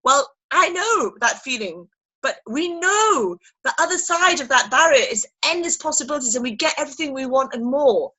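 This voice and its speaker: A woman leading a sales team through a motivational training talk on a video call, animated and emphatic, acting out little scenes as she speaks. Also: high-pitched, moderate pace, low-quality recording.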